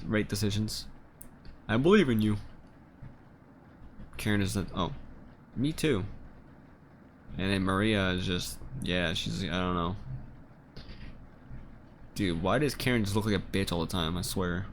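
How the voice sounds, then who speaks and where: A man's voice: on the low side, measured pace, long pauses, a little hiss or hum. A young man casually commenting on a video game and reading its text aloud, joking, swearing freely and chuckling at a desk microphone. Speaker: gaming video creator.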